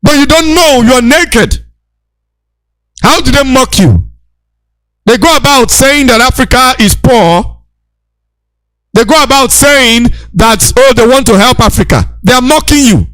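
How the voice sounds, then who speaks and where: A man giving a preachy, impassioned lecture, repeating his points and shouting rebukes. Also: extremely high pitch, dry recording.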